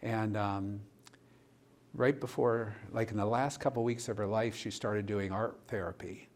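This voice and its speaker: A male pastor telling a story in a church discussion, vivid and animated, acting out the dialogue he quotes. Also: fairly low pitch, unhurried, slight background noise.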